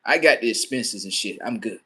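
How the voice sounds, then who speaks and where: A man hosting a livestream, telling a comic story in a profane, animated way and acting out the scenes. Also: on the low side, a little fast, husky. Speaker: livestream host. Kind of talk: comedic storytelling monologue.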